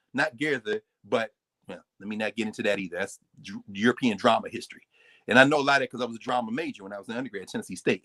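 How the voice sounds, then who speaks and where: A man giving a live, lecture-style talk as the guest on a recurring segment, animated and digressive, often breaking off his own sentences. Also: medium pitch. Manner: animated, digressive, interrupts himself.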